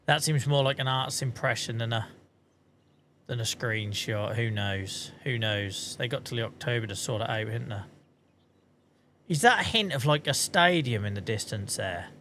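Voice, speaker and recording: A man's voice: mid-range voice, moderate pace, bright, forceful tone, slight background noise. A man streaming a game, chatting casually in a self-mocking way and swearing casually now and then. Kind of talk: casual livestream chat.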